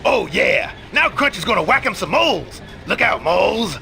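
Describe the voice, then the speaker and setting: A boisterous, brawny game racer who shouts about himself in the third person. The voice sits very high and lively, with a bright, gravelly edge. Game music plays behind him. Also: male voice, normal speed, full character voice. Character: loud brawny big-brother racer man.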